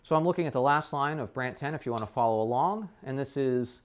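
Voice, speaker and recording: A trumpet teacher talking a student through his practice session, thinking aloud and often checking in with a quick "right?". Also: medium pitch. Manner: thinks aloud with frequent restarts. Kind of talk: casual practice demonstration.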